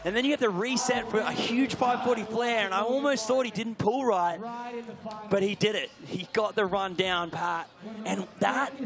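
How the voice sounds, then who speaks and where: Excitable high-voiced male sports commentator. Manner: excitable, bursts into shouts at big tricks.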